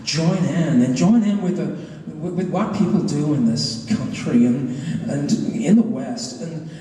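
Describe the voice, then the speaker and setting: A man from London performing a live stand-up set in a rambling, halting way. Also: on the high side, warm tone. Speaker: stand-up comedian. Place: live comedy venue. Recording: echoey hall from far off.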